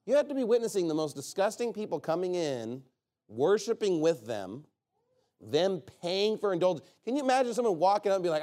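A man's voice: high-pitched, very animated, fairly quick, mellow. A man preaching an informal sermon in a sarcastic, rambling way with joking asides.

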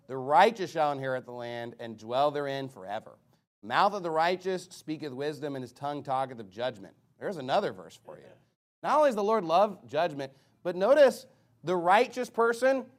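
A man preaching a sermon and reading scripture aloud, swinging between loud emphatic bursts and low quiet asides, with sarcastic jabs at critics. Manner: reads scripture aloud in King James wording.

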